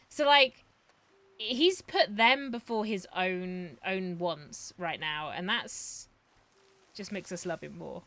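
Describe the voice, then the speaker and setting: A young woman streaming live, giving casual, excitable, profane commentary on her game and talking to her chat. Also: mid-range voice, takes it slowly, no room sound.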